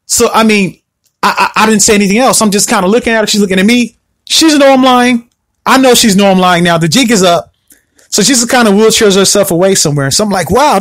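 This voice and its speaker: A man telling a personal story in a rambling, repetitive way, acting out his own past words. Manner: rambling, repeats himself, acts out his own past words with rising pitch. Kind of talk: casual storytelling.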